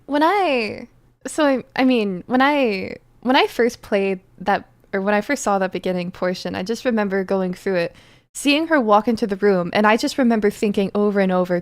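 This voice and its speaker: A woman's voice: mid-range voice, moderate pace. A woman streamer chatting casually while playing, rambling with lots of fillers. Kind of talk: casual let's-play chat. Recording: game music behind.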